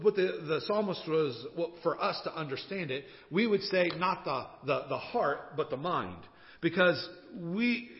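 A male pastor preaching a sermon, chatty and joking, building to fervent declarations. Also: fairly high pitch. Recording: dull sound with long hall reverb.

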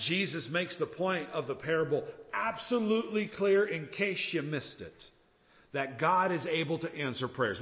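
A man preaching a sermon as a pastor, telling a story and acting out the voices in it with lively swings in loudness. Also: medium pitch. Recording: dull sound with long reverb.

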